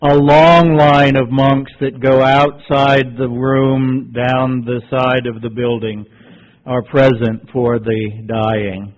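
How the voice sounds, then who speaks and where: A man presenting at a workshop, giving a reflective lecture and telling a teaching story in a measured, deliberate way. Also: medium pitch, flat delivery. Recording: tinny phone-like recording.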